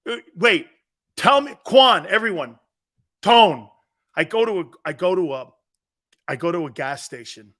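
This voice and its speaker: Brash, bright-voiced male sports talker. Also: on the high side. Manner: brash, rambling, jumps into loud outbursts; laughs at his own jokes. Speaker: sports talk show host. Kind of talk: sports talk rant with storytelling.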